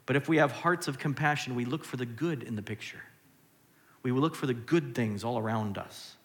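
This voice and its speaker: A man's voice: medium pitch, a little fast, big-room sound. A man preaching a sermon as a pastor, talking conversationally and asking the listeners rhetorical questions.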